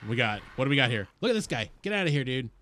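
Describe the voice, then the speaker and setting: Male streamer, high, excitable and sweary, very animated pitch, faint background hiss. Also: very fast. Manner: excitable, swearing, talks to creatures and chat. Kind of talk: live gameplay commentary.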